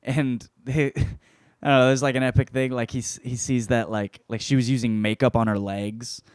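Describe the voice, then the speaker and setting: A man's voice: medium pitch, flat delivery, normal speed, clean tone, no room sound. Male host, loose profane comic book-review delivery, dry close sound. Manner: profane, rambling.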